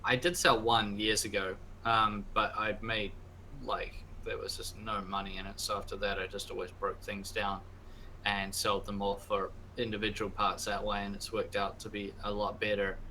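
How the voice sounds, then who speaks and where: Bright-voiced New podcast guest. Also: male voice, lowish voice, level tone, normal speed, slight background noise, rough recording. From New Zealand. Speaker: guest co-host. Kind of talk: casual tech podcast chat.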